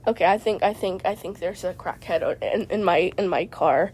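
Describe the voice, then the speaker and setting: A woman's voice: fairly low pitch, moderate pace, darkish tone, slightly rough. Rambling woman telling a story from her car. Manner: rambling, stammering, constantly adds "man". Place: inside a parked car.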